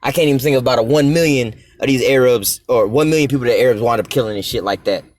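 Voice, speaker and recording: Fast, furious, profane ranting man. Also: mid-range voice, a little mellow, dry recording. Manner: profane, heated, preachy, addresses the clip directly. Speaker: commentator reacting to a clip. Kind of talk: angry ranting commentary.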